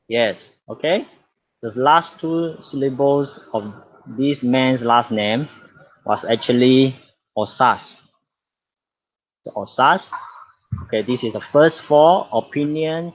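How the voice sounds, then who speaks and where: A man with a Malaysian accent teaching an online English lesson, patiently repeating key words and saying "okay" often. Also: medium pitch. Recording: dull lo-fi audio.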